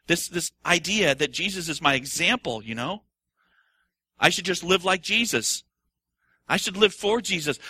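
A middle-aged man preaching a sermon as pastor, full of rhetorical questions and acted-out quotes, swinging from quiet musing to shouted excitement. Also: fairly high pitch, slightly rough, no echo.

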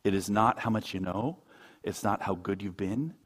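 A man preaching a sermon, moving from quiet asides to loud, high-pitched emphasis. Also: moderate pace, slightly rough. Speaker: pastor.

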